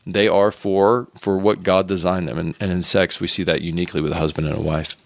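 A man, a pastor and author, giving earnest, gentle answers in an interview, often restarting and repeating words. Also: sits low, little pitch movement, a little fast, gravelly.

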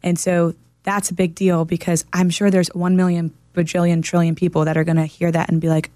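A woman's voice: on the low side, little pitch movement, brisk, few pauses, warm tone, dry recording. A woman chatting on a podcast, telling a story in an earnest, explaining way. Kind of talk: casual chat.

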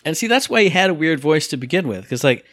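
A man's voice: fairly high pitch, fast talker, dry recording, clean studio sound. A man co-hosting a podcast, chatting casually about video games and acting out sound effects. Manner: animated, acts out sound effects and voices. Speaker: podcast co-host.

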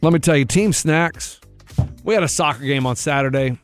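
A man's voice: normal speed, soft background music. A man co-hosting a radio show, telling a story in casual chat and acting out what people said. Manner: animated, acts out quotes with rising pitch.

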